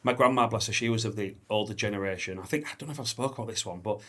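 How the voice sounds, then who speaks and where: A man hosting a podcast, chatting casually, swearing freely and telling stories with lively impressions of the people in them. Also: lowish voice, very fast. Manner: animated storyteller, swears freely, acts out quotes. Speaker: podcast host. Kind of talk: casual chat.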